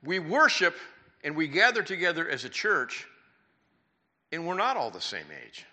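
Folksy older man preaching, bright voice. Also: a little high, big pitch swings, normal speed. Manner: folksy, conversational preaching with rhetorical questions. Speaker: pastor. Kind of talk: sermon. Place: church.

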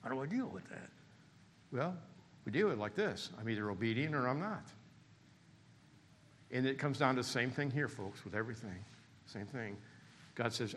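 A man pastor preaching a sermon in a church, swinging between animated emphasis and quiet, hushed appeals. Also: medium pitch, brisk, pauses often, long reverb tail, slight background noise. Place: church sanctuary.

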